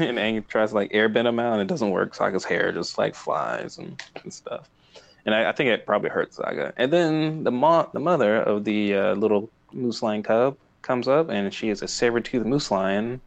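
A man's voice: fairly low pitch, vocal fry. A man co-hosting a casual podcast, recapping a cartoon episode, often laughing and briefly mimicking characters. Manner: laughs often, retells scenes in quick character voices. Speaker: podcast co-host.

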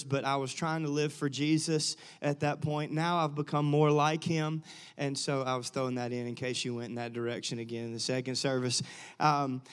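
A man, a pastor welcoming his church and introducing a guest speaker in a casual, rambling, self-deprecating way. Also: a little high. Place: church sanctuary.

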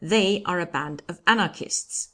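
A woman's voice: on the low side, a little slow, fairly bright tone. A woman doing a blustering, pompous French judge. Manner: blustering, accusing, talks over others.

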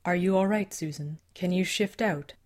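A gruff female white wolf shapeshifter, as a woman narrator puts her on. She speaks bluntly and with an edge of threat. The voice stays low and deep. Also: normal speed, a little mellow, close to an everyday voice.

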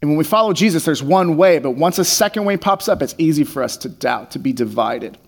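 A man delivering a sermon in a relaxed, conversational way, in a voice pitched a little higher than most men's. He reads passages of scripture aloud, then unpacks them in everyday words. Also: fairly quick, vocal fry. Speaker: pastor.

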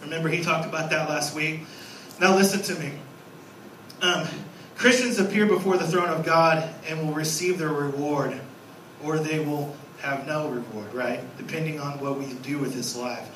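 A man in his thirties preaching a sermon as a guest pastor, lively and storytelling, acting out little scenes. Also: fairly high pitch, normal speed, roomy sound, recorded from a distance, slight background noise, rough recording. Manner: animated, acts out scenes with a raised voice. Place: church sanctuary.

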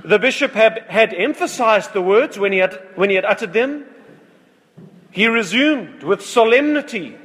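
A man preaching a sermon, retelling a story slowly and earnestly, often restarting his phrases. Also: high voice, animated, a bit bright. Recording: long hall reverb.

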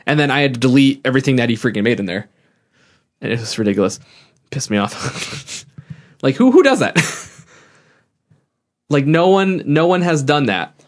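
A man's voice: medium pitch, sing-song, normal speed, long pauses. A young man co-hosting a casual podcast, rambling with lots of fillers and restarts and laughing often. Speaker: podcast co-host. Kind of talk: casual chat.

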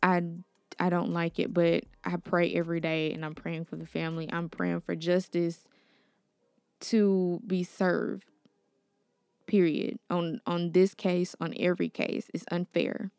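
A young woman hosts her own podcast and speaks earnestly and outspokenly. Her voice sits a little low and sounds smooth and clear. The recording is close and dry. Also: level tone, unhurried, darkish tone, no room sound. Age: young adult. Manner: earnest and outspoken, with nervous laughs and stumbles over names. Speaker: podcast host. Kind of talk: casual solo podcast commentary.

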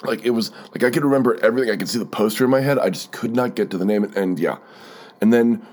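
A man's voice: mid-range voice, fast talker, darkish tone. A man hosting a solo podcast, rambling through a sardonic, profane story with many fillers, a bit stuffed up from a cold. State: stuffy, keeps blowing his nose. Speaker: podcast host.

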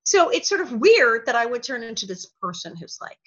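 A woman guest in an interview, telling stories with lots of energy and quick impressions. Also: fairly high pitch, dull audio. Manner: energetic, bursts into impressions and laughs. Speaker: interview guest, former child actress. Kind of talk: animated storytelling.

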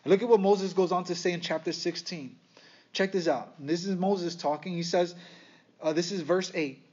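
A man preaching a sermon to a congregation, animated and full of rhetorical questions and sarcastic asides. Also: high-pitched, moderate pace, breathy edge, muffled recording. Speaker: pastor.

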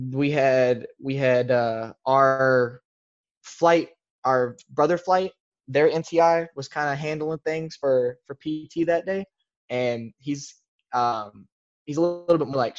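A man's voice: medium pitch, steady tone, slow, lo-fi sound. A young man, a podcast guest, telling a casual story in a rambling way, full of filler words. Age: young adult.

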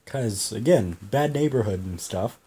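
Husky, mellow-voiced man telling a story. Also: lowish voice, expressive, measured pace. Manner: rambling, repeats himself, swears freely. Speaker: podcast host. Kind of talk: casual storytelling monologue.

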